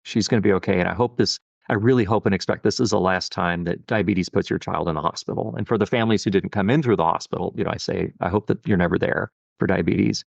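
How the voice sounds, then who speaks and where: This low-voiced man talks fast with vocal fry and barely pauses, on a dry recording with the highs cut off. He's a middle-aged pediatric endocrinologist giving an earnest, reflective podcast interview full of "you know" fillers.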